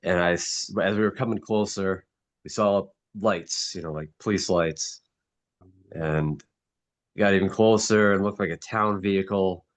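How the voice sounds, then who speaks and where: A middle-aged man in a casual group chat, grieving and somber, talking haltingly with many restarts. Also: sits low. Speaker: mastermind group member.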